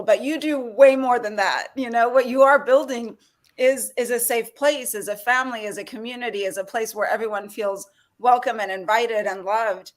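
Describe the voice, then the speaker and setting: A woman's voice: on the high side, normal speed. Emotional woman podcast host. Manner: warm-hearted and emotional. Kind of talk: casual interview chat.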